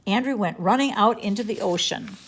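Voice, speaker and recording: A woman's voice: mid-range voice, fairly quick, slightly rough. A woman reading a children's chapter book aloud in a playful, storytelling manner. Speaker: storybook reader.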